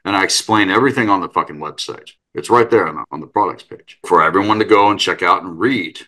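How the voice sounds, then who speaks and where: A man's voice: deep voice, fast, sharp tone. A man hosting a casual talk, speaking in an insistent, salesy and profane way. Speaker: host. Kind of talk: casual conversation.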